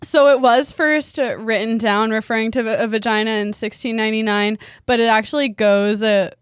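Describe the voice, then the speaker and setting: A woman's voice: fairly high pitch, steady tone, moderate pace, clean tone, no room sound, clean studio sound. A woman co-hosting a comedy podcast, explaining a topic in a chatty, casual way full of filler words. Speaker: podcast co-host presenting a topic.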